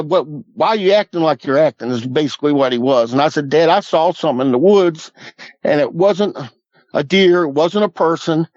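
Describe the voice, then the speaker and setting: Man, fifties, slightly high voice, earnest folksy storyteller, dry lo-fi audio. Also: no echo. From Southwest Missouri Ozarks. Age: 50s. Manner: earnest, folksy, repeats "I said" and "he goes". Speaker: guest. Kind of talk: recounting a personal encounter.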